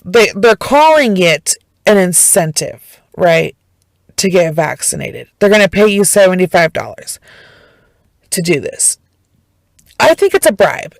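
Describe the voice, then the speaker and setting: A woman's voice: mid-range voice, no room sound, rough recording. A young woman hosting a podcast, ranting in a casual, profane, rambling way with frequent restarts. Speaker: podcast host.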